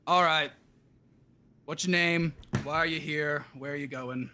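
A man voicing an officious male desk clerk guard who questions people in a brisk, bureaucratic way. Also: a little high, steady tone, background noise, natural voice.

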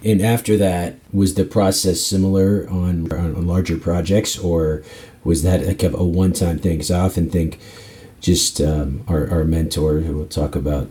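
A man's voice: low-pitched, steady tone, measured pace, dark tone. A man hosting a podcast, asking loose rambling questions full of fillers in a casual interview. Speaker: podcast host.

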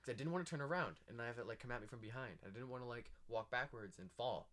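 A young man co-hosting a casual chat, telling a ghost story in an animated way, acting out voices and laughing often. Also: medium pitch, fast. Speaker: podcast co-host.

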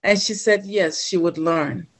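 A woman from Ghana, a podcast guest, telling a personal story in an animated way and acting out the voices of the people in it. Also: lowish voice, a little slow. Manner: animated storyteller who acts out quoted voices.

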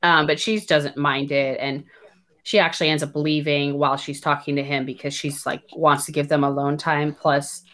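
Woman, lowish voice, casual book chat, laughing asides, jokey mimicry. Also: level tone, moderate pace, a bit bright. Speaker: book discussion co-host. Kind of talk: casual chat about a romance novel.

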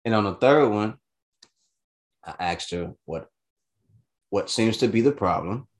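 A man telling a personal story in casual chat, animated and swearing freely, jumping into high voices for quotes. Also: measured pace.

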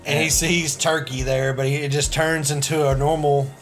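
A man co-hosting a podcast, recapping a movie in a relaxed, casual way and swearing now and then. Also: fairly high pitch, normal speed, soft background music. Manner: laid-back, profane, trades lines with co-host.

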